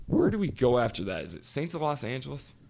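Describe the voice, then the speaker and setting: A man's voice: medium pitch, huge pitch swings, quick pace, creaky, very noisy. A man co-hosting a podcast, chatting casually and animatedly, cursing freely and telling stories with quoted voices. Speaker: podcast co-host. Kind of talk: casual chat.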